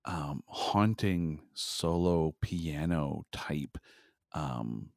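Man, very deep voice, lively delivery, casual podcast co-host, dry close mic. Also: vocal fry, dry recording. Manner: animated, quick restarts. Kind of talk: casual chat.

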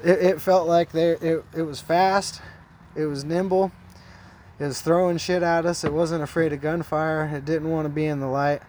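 High-voiced man telling a wild story. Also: moderate pace, a little hiss or hum. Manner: animated, heavy swearing, rambling. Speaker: podcast guest. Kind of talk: casual storytelling.

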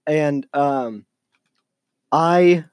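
A man's voice: on the high side, very slow, clean tone, no room sound. Rambling young man telling a story. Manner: rambling storyteller with many fillers and restarts. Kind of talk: casual chat among friends.

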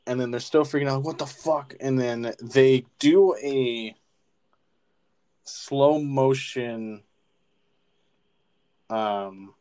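A young man co-hosting a movie podcast, retelling scenes in a rambling, profane, animated way. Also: mid-range voice, very slow, pauses often, clear, resonant tone. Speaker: podcast co-host. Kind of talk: casual movie-review chat.

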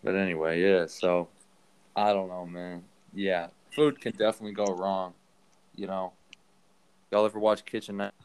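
A man's voice: deep voice, flat delivery, normal speed, darkish tone, clean tone, no room sound. A young man in casual chat, swearing freely and acting out quoted lines as he tells stories. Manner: profane, storytelling, acts out quotes.

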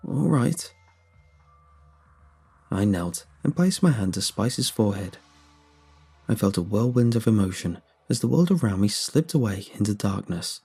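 Husky mellow horror story narrator. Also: male voice, fairly low pitch, animated, moderate pace. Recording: faint background music.

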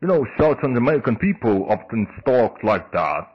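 A man hosting a casual solo podcast in English, halting, with many fillers and restarts. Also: mid-range voice, sing-song, husky, dull audio. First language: Indonesian. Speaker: podcast host.

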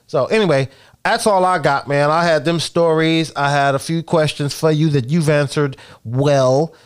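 A man's voice: on the high side, normal speed, clear, resonant tone. A man co-hosting a podcast, talking in casual chat with profane, emphatic, joking banter. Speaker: podcast co-host.

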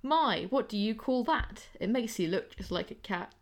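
A woman voicing a kindly old nanny goat in a doting, gentle way. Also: a little high, animated, normal speed, lightly acted.

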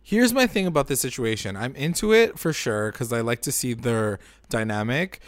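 A man's voice: mid-range voice, expressive, normal speed, no room sound. A man co-hosting a casual recap chat, rambling and opinionated, filling his talk with "like". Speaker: podcast co-host.

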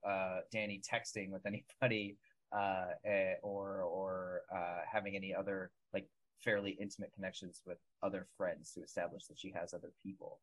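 A man's voice: deep voice, little pitch movement, moderate pace, no room sound, poor audio. A man in a casual film podcast discussion, building longer analytical points about the characters.

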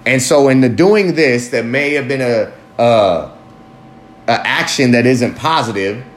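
A man talks through his thoughts in a loose, candid monologue, rambling and swearing, and his voice leaps higher when he makes a point. His pitch sits in the middle for a man. The room is echoey, with a faint hiss of ambience behind him. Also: animated, a little slow. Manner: candid, rambling, profane, swings up in pitch for emphasis. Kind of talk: casual personal monologue.

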